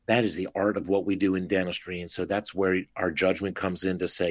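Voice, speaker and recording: Low-voiced dentist guy on a podcast, lively, acts out little scenes, dry close sound. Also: normal speed, few pauses, dry recording. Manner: animated, expressive, acts out dialogues with patients. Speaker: dentist guest. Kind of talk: podcast interview.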